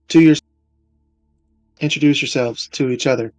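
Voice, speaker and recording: A man's voice: mid-range voice, fairly even intonation, slow, a little mellow, no room sound, soft background music. Man game master, hesitant, fillers, dry close sound. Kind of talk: running a tabletop game online.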